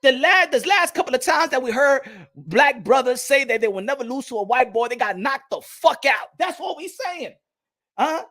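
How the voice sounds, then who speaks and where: Boxing vlog host, man with a high pitched voice, heated profane rant with shouty bursts. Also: lively intonation, normal speed. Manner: repeats phrases, laughs at own points. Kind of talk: casual boxing commentary vlog.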